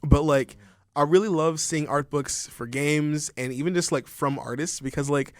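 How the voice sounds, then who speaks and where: A man's voice: fairly high pitch, normal speed, no echo. A man co-hosting a casual gaming podcast, talking in a laid-back slangy way with many fillers. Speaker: podcast co-host. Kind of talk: casual chat.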